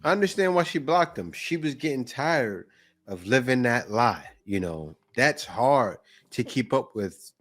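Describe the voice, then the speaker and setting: A man's voice: mid-range voice, big pitch swings, unhurried, fairly bright tone. Guy reacting to a clip, casual chat to his viewers. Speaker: reaction channel host.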